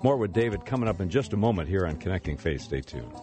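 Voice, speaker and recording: A man hosting a faith radio show, introducing his guest and leading into a break in a measured announcer way. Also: deep voice, very animated. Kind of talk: radio host introduction and segue. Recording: music bed underneath.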